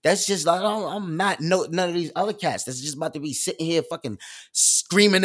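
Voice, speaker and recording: Emphatic man ranting on a live stream. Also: brisk. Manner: emphatic, swings between loud bursts and low asides; profane, streetwise slang. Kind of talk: animated rant on a live stream.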